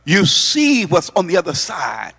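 A man's voice: sits high, huge pitch swings, unhurried, gravelly, a bit bright, breathy edge. A male preacher delivering a sermon with emphatic repetition and questions to the congregation. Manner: emphatic, repeats words, asks the congregation questions. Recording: long hall reverb.

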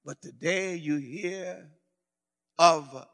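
A man preaching a sermon, emphatic and repetitive, swinging from loud declarations to hushed pleading. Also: high-pitched, animated, unhurried, in a large hall.

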